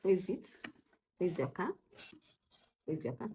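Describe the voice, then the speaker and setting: Young mother, casual vlogger; chatty, switches between English and Swahili, very animated pitch. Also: unhurried, slight background noise. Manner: chatty, mixes English with Swahili, coos at her toddlers. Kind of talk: casual vlog chat.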